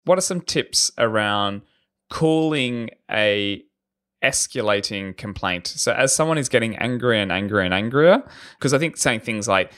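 A man's voice: lowish voice, expressive, unhurried, a bit bright. A man hosting a podcast interview, easygoing, asking long rambling questions. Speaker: podcast host.

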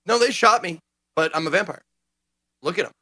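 A man chatting casually as a gaming podcast co-host, animated and profane, acting out quotes as he tells stories. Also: sits high, a little fast, no echo. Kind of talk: casual chat.

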